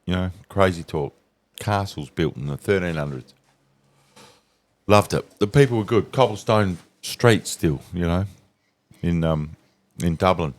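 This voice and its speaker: A man's voice: low-pitched, a little slow, pauses often. A middle-aged Australian man, a podcast co-host, chatting casually and keenly agreeing with short replies. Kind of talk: casual pub-style chat.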